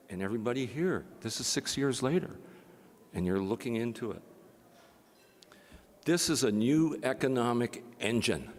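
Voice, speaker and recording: Older man, conference moderator, slightly slurred speech, impassioned, medium pitch, long hall reverb. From Canada. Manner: storytelling, then rising into an impassioned appeal. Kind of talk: conference talk.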